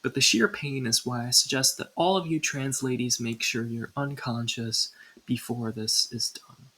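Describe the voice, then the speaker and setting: A young woman reads a scripted countdown in a husky, breathy voice that still sounds bright and forward. She keeps the tone casual and drops in dry little asides between entries. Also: very deep voice, moderate pace, low-quality recording. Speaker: video creator. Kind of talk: scripted ranking narration.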